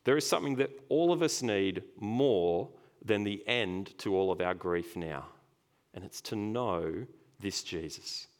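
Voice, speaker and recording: Earnest male preacher delivering a sermon. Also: lowish voice. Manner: earnest, emphatic, with slow stressed phrases.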